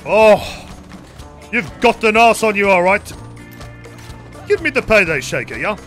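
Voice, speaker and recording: A man's voice: high-pitched, big pitch swings, unhurried, fairly bright tone, full character voice. A man putting on the voice of a brash, cocky male bank robber in a game. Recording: game music playing behind.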